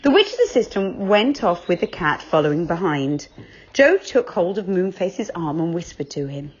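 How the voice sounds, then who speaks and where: A woman reading a children's book aloud, expressive and unhurried. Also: lowish voice, husky, dull audio.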